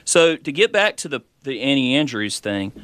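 A man's voice: medium pitch, big pitch swings, moderate pace, fairly bright tone. A man with a Southern American accent co-hosting a casual political talk show, opinionated and teasing. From South Carolina.

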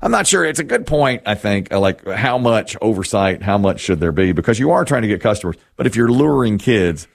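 A man hosting a talk show, chatting casually with animated asides. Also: lowish voice, brisk, gravelly, hardly any pauses. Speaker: radio show host.

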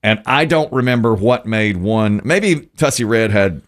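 A man's voice: on the low side, animated, a little slow. A middle-aged man hosting a radio show, chatting and laughing often as he tells stories. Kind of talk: casual morning radio banter.

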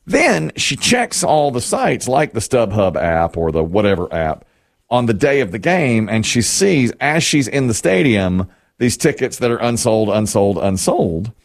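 A man's voice: medium pitch, big pitch swings, a little slow. A middle-aged man from North Carolina hosting a sports talk radio show, telling stories with playful exaggeration.

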